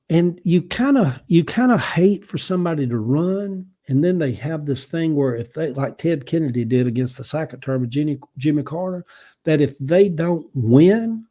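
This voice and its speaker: An older man with a Southern US accent and a dark, medium-pitched voice hosts a laid-back livestream. He rambles in a folksy way, frequently clearing his throat while reading viewers' comments.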